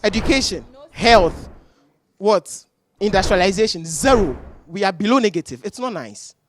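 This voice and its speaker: A woman's voice: mid-range voice, lively intonation, normal speed, a little hiss or hum. A young woman, arguing as a guest on a panel debate, emphatic and exasperated, firing rhetorical questions. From Ghana. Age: young adult.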